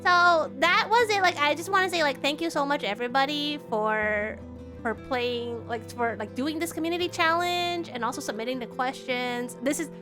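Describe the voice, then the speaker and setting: A woman's voice: high voice, moderate pace, music in the background. A woman VTuber chatting casually on stream, bubbly and rambling, with lots of "like". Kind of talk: casual live-stream chat.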